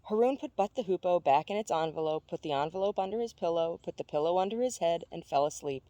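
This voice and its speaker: A woman reading a novel aloud in a steady, even storytelling way. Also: on the low side, fast talker, no echo. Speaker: audiobook reader.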